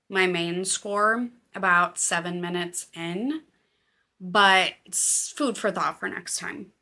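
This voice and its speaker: A woman hosting a casual knitting and crafts podcast, chatty and excitable with a self-deprecating manner. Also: fairly low pitch, takes it slowly. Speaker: podcast host. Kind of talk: casual chat.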